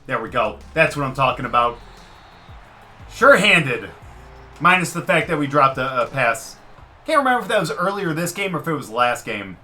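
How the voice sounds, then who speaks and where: Male game commentator, higher-pitched, excitable, yells at plays. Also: normal speed, faint music behind. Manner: excitable, swings from muttering to shouting at the quarterback. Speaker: gaming commentator. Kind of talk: live gameplay commentary.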